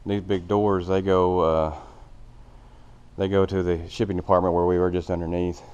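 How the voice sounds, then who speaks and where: This deep-voiced man barely moves his pitch, speaking at a moderate pace in a slightly mellow, smooth tone with lo-fi sound. Breathless, he gives a plainspoken, filler-heavy, rambling tour of a big empty old factory, filmed on a handheld camera as a vlogger.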